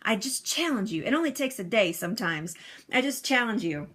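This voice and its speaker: Bright-voiced woman chatting on a live stream. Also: fairly high pitch, lively intonation, a little fast, slightly rough. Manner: chatty, laughs often, reads and answers viewer comments. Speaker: livestream host. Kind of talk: casual live-stream chat. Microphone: phone or device mic, no external microphone.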